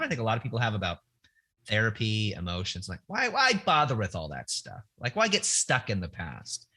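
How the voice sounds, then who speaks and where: A man's voice: fairly low pitch, creaky, pushed and bright, breathy edge. A middle-aged man, a guest author, talking candidly and reflectively in a podcast conversation, often restarting his sentences. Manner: candid, searching, frequent restarts.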